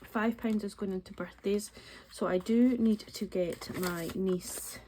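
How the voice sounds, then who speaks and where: This Highlands woman in her forties speaks at medium pitch, a little slowly, with a mellow voice and fairly even intonation. As a budgeting vlogger, she gives a casual, chatty voice-over while cash stuffing, counting bills aloud and rambling with many ums. The audio is poor.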